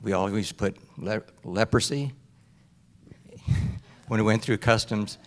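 Guy missionary, low voice, telling a quick story, pretty plain. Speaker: missionary guest.

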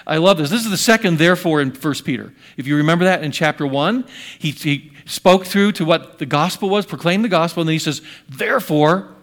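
Earnest older man preaching, fairly high voice. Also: a little fast. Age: 60s. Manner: earnest, swings from loud emphasis to hushed. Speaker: pastor. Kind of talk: sermon.

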